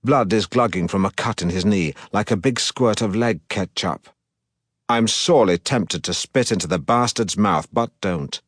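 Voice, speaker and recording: A man reads as a pompous middle-aged broadcaster telling his own story in an audiobook, deadpan and self-important. The voice sits low. The sound is dry and close, with no room around it. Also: moderate pace, dry recording, natural voice. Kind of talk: audiobook narration.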